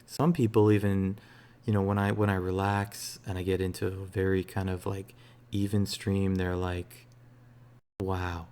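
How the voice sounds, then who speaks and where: A man streaming games, chatting casually in a relaxed, rambling way with a soothing voice and lots of fillers. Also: deep voice, normal speed. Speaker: game streamer. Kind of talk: casual live-stream chat.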